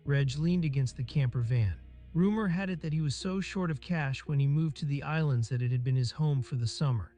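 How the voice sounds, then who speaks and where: A man narrating a crime novel in a measured, even storytelling voice. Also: fairly high pitch, faint music behind. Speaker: audiobook narrator.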